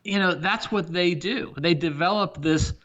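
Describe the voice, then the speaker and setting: A man's voice: sits high, measured pace, fairly bright tone, highs cut off. A middle-aged man, a company CEO, talking emphatically through examples as a guest on a business podcast interview.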